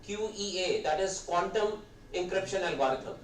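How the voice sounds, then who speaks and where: A man's voice: high voice, moderate pace, slight background noise. Indian man lecturing with a sore throat. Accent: Indian English. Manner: rambling, hesitant delivery. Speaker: guest lecturer. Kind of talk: conversational lecture. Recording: roomy hall, distant mic, faint ambience.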